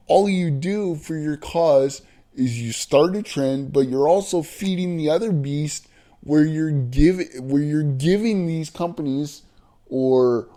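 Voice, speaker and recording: A man ranting bluntly in an opinion vlog, profane and emphatic, slowing down to hammer his points. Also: on the high side, warm tone. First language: not American. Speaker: vlogger.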